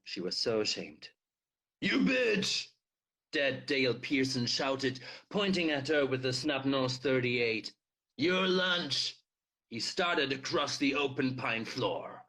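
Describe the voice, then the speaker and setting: A man's voice: mid-range voice, measured pace, few pauses. Man reading a novel aloud. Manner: expressive read-aloud with shouted dialogue. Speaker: reader.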